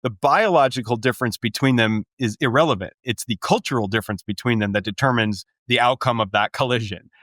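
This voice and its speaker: A male author who is a guest on a podcast, explaining ideas in a measured, lecturing way. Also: mid-range voice, a bit bright, dry recording, clean studio sound. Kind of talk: explanatory interview talk.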